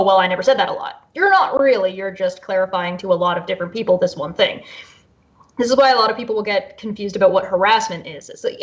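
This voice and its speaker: Woman explaining things, dull lo-fi audio. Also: medium pitch. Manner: steady, reasoning explanations. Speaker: panel guest. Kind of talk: casual panel discussion.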